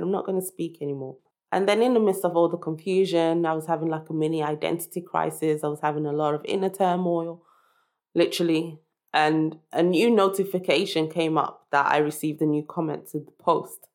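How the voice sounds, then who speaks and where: A young woman hosting her own podcast, talking through her story in an earnest, reflective monologue with many restarts. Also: fairly low pitch. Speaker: podcast host. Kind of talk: personal monologue.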